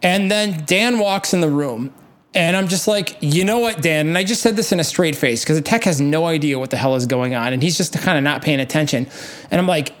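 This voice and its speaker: A man spins a long, profane anecdote in casual conversation. He talks with a slightly higher pitch than most men, and his sarcastic, goofy humor runs all through it. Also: a little fast. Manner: profane, sarcastic, animated storyteller. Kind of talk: casual storytelling.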